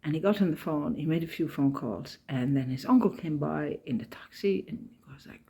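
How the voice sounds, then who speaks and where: This Irish woman's voice is low-pitched, warm and slightly rough, moving at normal speed as she chats to camera about her day on a walking pilgrimage. In this casual travel vlog she tells stories and retells conversations, emotional and close to tears.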